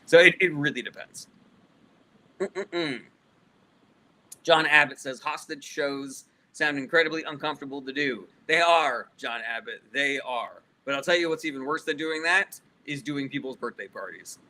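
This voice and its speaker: A man's voice: fairly high pitch, normal speed, pushed and bright, poor audio. A male comedian casually answering live chat questions, loose and profane, reading each question aloud before he answers.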